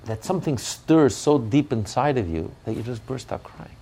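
Gravelly man preaching with passion. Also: mid-range voice, expressive, normal speed, dark tone. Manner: impassioned, with repeated restarts. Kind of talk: sermon.

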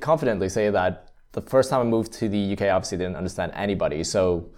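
A man's voice: sits low, fast, a little mellow. A Canadian man hosting an interview, chatty and rambling, with lots of "like" and "you know". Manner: chatty, rambling, says "like" a lot. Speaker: interview host. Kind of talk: casual interview.

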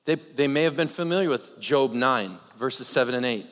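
A man preaching a conversational sermon, animated, with joking asides and rhetorical questions. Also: mid-range voice, moderate pace. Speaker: pastor. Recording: long reverb of a large hall.

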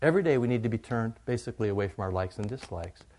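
A middle-aged male pastor giving a conversational, joking sermon, moving from quiet asides to loud, animated bursts. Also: fairly low pitch, racing.

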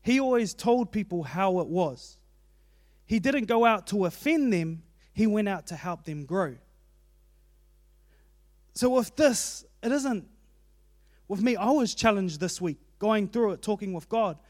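Animated but a little slow, a man in a fairly high register preaches an earnest, conversational sermon with long pauses. It's a plain, personal delivery sprinkled with stories from his own life. The audio is close and dry, lacking any room echo.

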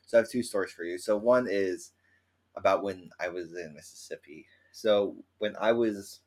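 A man co-hosting a casual podcast, telling stories in an animated way and acting out the quotes. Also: sits low, moderate pace. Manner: animated storyteller who acts out quotes. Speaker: podcast co-host.

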